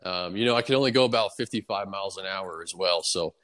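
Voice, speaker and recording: A young man talks through his answers in an unhurried, casual way, dotted with fillers and restarts. His voice sits fairly low, and a long reverb hangs behind it, as if he were speaking in a large, echoing room. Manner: relaxed, easygoing storytelling with many fillers. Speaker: guest baseball player.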